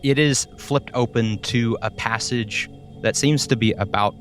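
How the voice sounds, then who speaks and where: A man's voice: medium pitch, unhurried, faint music behind. A man narrating as game master of a tabletop role-playing game, in a wry, laid-back way.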